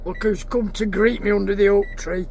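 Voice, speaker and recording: Chatty man vlogging outdoors, very high pitch with gravelly fry. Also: steady tone, a little fast, darkish tone, slight background noise. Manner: chatty, talks to animals and viewers. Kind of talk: casual vlog chat. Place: outdoors in a field.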